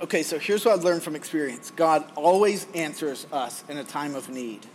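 A man in his forties preaching a sermon, conversational with folksy asides, loudly acting out screaming crowds in his story. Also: a little high, slight background noise. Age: 40s. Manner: animated, acts out the prophets' frantic screaming. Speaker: pastor.

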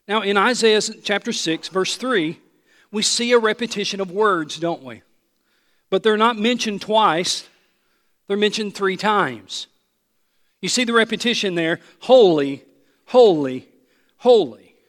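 A man preaching from the pulpit with a high-pitched voice. He is emphatic, rising to ringing proclamations and dropping low and close for the personal asides. A long reverb hangs around his words, as in a large church. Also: unhurried. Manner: emphatic, swings from loud proclamation to soft intimate asides. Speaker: pastor. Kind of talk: sermon.

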